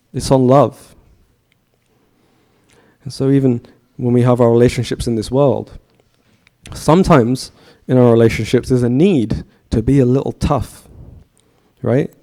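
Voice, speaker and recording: Man telling a story in a mellow sermon. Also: mid-range voice, measured pace. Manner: chatty, asks the audience questions. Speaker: speaker giving a temple talk.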